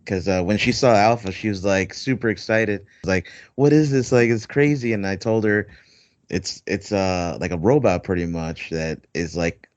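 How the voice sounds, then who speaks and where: This man speaks low and steady at an ordinary pace while hosting a loose, laugh-filled podcast conversation full of filler words. There's no room sound, and the audio comes across as dull, dry lo-fi.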